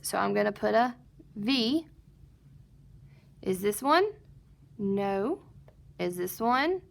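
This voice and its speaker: A woman teaching a recorded phonics lesson to first graders, sounding out word parts slowly and patiently and asking and answering her own questions. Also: medium pitch, vocal fry, a bit bright.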